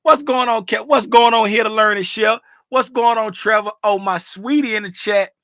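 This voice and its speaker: Male livestream host from Florida, high bright voice, animated and casual. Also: moderate pace, no echo, studio quality. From Fort Lauderdale, Florida. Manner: animated, greets chat by name, bursts of laughter and shouting. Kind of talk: casual livestream chat with viewers.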